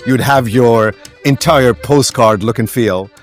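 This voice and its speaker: Slow and medium-pitched, this man with a Pakistani accent is a reflective interview guest in a conversational setting. He meanders, restarting often and using many fillers, with soft music playing behind him.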